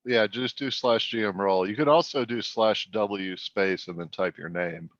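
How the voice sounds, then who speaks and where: Man, tabletop player, casual, matter-of-fact, lowish voice, muffled lo-fi mic. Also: moderate pace, fairly bright tone, a little hiss or hum. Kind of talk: casual chat.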